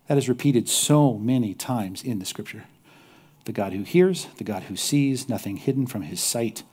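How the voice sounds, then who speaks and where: A male pastor preaching a sermon, reading scripture aloud with lively swings between loud emphasis and quiet intensity. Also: mid-range voice, normal speed, slightly rough.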